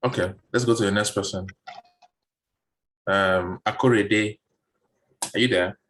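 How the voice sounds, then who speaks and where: Over a video call, a man coaches job seekers through interview questions in a relaxed online session, often repeating words as he thinks. His voice is fairly low, his pace a little slow, and faint music plays behind him.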